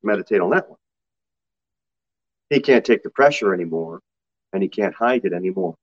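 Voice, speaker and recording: Pastor preaching a sermon. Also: male voice, lively intonation, normal speed. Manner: preaches with sudden loud high-pitched mock quotes. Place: church sanctuary. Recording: slightly dull lo-fi sermon recording.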